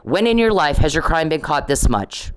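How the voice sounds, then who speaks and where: A middle-aged woman vlogger delivers a ranting monologue, confrontational and repetitive, scolding someone directly. Her voice sits low and is very animated and smooth at a moderate pace. There's no echo, but the recording is rough.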